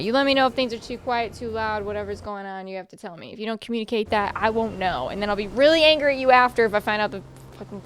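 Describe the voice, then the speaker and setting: A woman's voice: medium pitch, a little hiss or hum. A young adult woman streamer giving casual, chatty gameplay commentary, swearing freely and talking to her chat.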